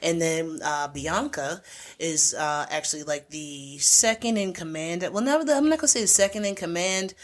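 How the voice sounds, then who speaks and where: This is a chatty woman co-hosting a podcast, telling a film's story in a loose, rambling way full of fillers and asides. Her voice sits on the lower side for a woman. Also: moderate pace. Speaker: podcast co-host. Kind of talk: casual chat recapping a movie. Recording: podcast voice recording.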